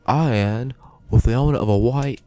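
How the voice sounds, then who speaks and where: A man's voice: mid-range voice, moderate pace, dark tone, faint music behind, pitched above the performer's own voice, lightly acted. A man voicing a perky young female school announcer with a Cockney accent, reading a game aloud. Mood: chirpy.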